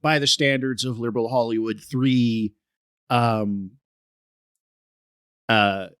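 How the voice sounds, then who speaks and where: A man co-hosting a film podcast in casual discussion, talking haltingly with many restarts and fillers. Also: medium pitch, steady tone, fairly bright tone, clear, resonant tone, no echo, studio quality. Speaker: podcast co-host.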